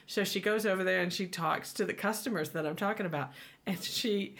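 A woman's voice: lowish voice, brisk, gravelly, few pauses. A woman co-hosting a podcast, telling stories and acting out the people she quotes. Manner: animated storyteller, acts out quoted people. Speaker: podcast co-host. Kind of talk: casual chat.

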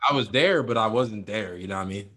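Brief: male podcast co-host, low pitch, relaxed and joking. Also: fast. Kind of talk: casual chat.

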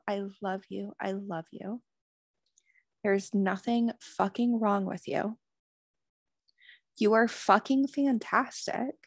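A woman's voice: mid-range voice, vocal fry, no room sound, clean studio sound. A woman giving a motivational self-help talk as a spiritual wellness host, earnest, swearing freely and repeating affirmations.

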